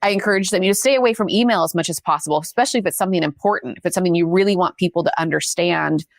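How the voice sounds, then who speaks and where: An earnest woman explaining how leaders should communicate. Her voice sits low and has a gravelly edge. It is recorded dry, with no room sound. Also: racing, no echo. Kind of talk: advice-giving leadership talk.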